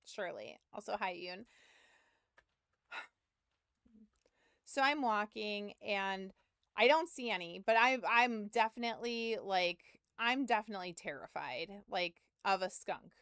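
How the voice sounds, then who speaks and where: A woman in her thirties tells a long, rambling story to her stream chat, with a filler word every few words and the odd curse. Her voice is smooth and clear. The sound is dry, close to the mic, with no room in it. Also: mid-range voice, a little slow, long pauses, a bit bright, no echo. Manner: rambling, full of "like", swearing, self-mocking.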